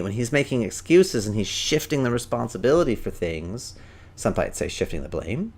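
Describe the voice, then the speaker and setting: A man hosting a parenting podcast, coaching listeners, asking them questions and acting out short scenes in different voices. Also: on the low side. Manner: animated, asks the listener questions; acts out voices in little scenes.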